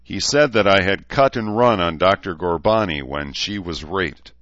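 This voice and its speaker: Man reading as a guilty young soldier, quiet and flat, low voice. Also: moderate pace, no room sound, lo-fi sound. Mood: subdued. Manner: quiet, subdued. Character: remorseful young male soldier, quiet and plain.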